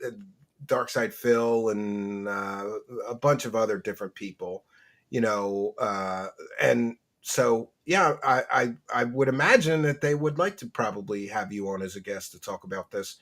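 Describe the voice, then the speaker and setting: A man's voice: on the low side, a little slow, fairly bright tone. A man hosting a casual livestream chat, reading viewer messages aloud and laughing often. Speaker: host.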